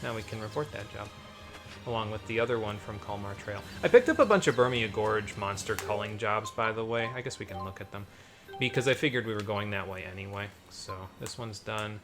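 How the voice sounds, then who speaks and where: A man's voice: on the low side, fairly quick. Chatty man streaming a game, explaining mechanics. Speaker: streamer and host. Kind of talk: casual gameplay chat. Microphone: desk microphone, turns away to read chat. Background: game music.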